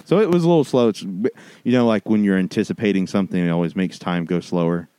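A man co-hosting a podcast, chatting casually in a relaxed, rambling way. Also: low-pitched, fast talker, clear, resonant tone, no room sound. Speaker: podcast co-host.

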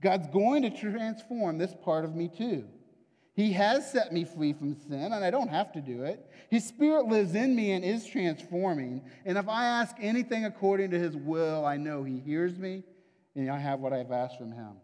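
A man's voice: high voice, lively intonation, moderate pace, darkish tone. A man preaching a sermon in a conversational, confessional way, often checking in with the listeners. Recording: long hall reverb.

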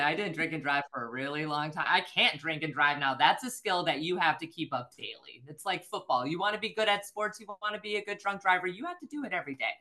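A woman's voice: low-pitched, expressive, fast, few pauses, sharp tone. Swearing, laughing woman telling a story. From American Midwest. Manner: profane, laughing, acts out quoted voices. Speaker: podcast guest. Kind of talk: casual storytelling.

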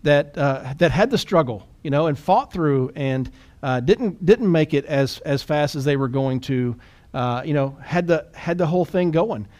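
A man co-hosting a podcast in casual chat, quick and animated, often restarting and repeating words. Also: fairly high pitch. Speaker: podcast co-host.

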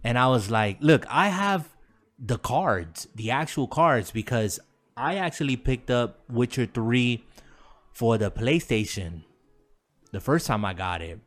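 A man's voice: mid-range voice, lively intonation, measured pace. A man co-hosting a gaming podcast, chatting casually and repeating words for emphasis. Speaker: podcast co-host. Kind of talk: casual chat.

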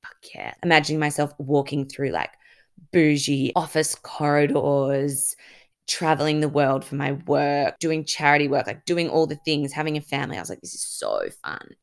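Low, gravelly young woman telling a story. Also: fairly even intonation, normal speed. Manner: candid and chatty, full of "like" and reported speech; swears casually. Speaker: podcast host. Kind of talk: casual personal storytelling.

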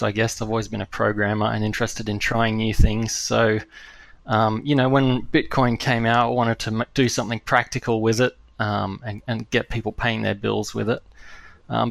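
A man with a gravelly voice answers interview questions in a casual, thoughtful way, often pausing and restarting. The recording is dry, with no room sound. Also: medium pitch, dry recording. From Australia. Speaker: guest, startup CEO.

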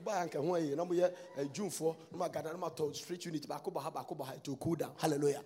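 A man preaching a sermon, breaking into sudden shouts and sing-song lines. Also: on the high side, steady tone, fast talker, husky.

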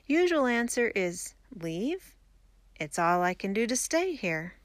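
A woman's voice: mid-range voice, big pitch swings, slow pace, no echo, voice pushed up. Woman reading as a weary young pioneer. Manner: quiet, tired, resigned. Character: young male homesteader, weary and earnest.

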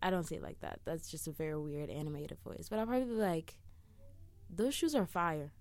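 A woman's voice: fairly low pitch, brisk, darkish tone, clean tone, dry recording. A young woman giving friendly advice in a chatty, rambling way, often laughing and sidetracking herself. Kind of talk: casual talk to camera.

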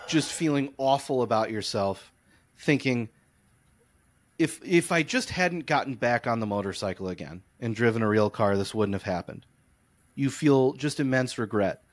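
A man's voice: mid-range voice, dry recording. A young man co-hosting a podcast, telling a long comic story and ranting in casual chat. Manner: animated, comic storytelling, rants. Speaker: podcast co-host.

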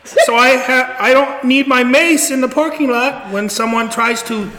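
A man's voice: very high voice, normal speed, sharp tone. A man playing a boastful, tough German man applying to be a drag queen, with a goofy fake German accent. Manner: goofy, laughing through the bit. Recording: echoey room with long reverb and noise.

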